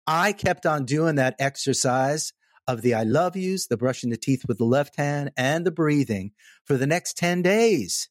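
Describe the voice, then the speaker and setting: A man telling a personal story in casual conversation, animated and emphatic. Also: a little high, a little slow, no echo, studio quality. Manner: animated, emphatic, repeats "okay?" for effect.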